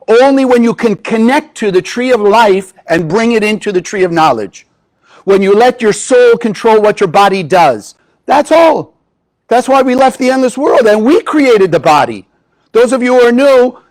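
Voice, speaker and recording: Male Kabbalah teacher, high-pitched, lively spiritual talk to a live audience. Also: rough recording. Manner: animated, rhetorical questions to the audience. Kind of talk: spiritual lecture.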